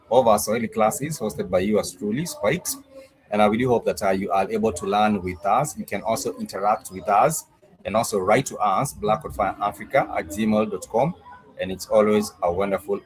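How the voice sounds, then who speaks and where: A man teaching a live-streamed language class, patiently repeating phrases for drilling and pausing with frequent fillers. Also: lowish voice, low-quality recording.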